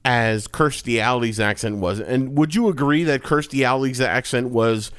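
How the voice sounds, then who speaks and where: A man gives his movie opinions in loose, chatty podcast talk, often repeating words while he finds his point. His voice is clear and smooth, at a middle pitch. The recording is dry and close. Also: normal speed, fairly bright tone, no room sound. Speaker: podcast co-host. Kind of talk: casual movie chat.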